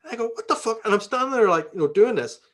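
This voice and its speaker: A man's voice: sits high, expressive, very fast, fairly bright tone. A man with a Belfast accent, a guest in an interview, telling stories with plenty of swearing and acting out the voices of the people in them. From Northern Ireland. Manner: profane, acts out quoted dialogue. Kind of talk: conversational storytelling.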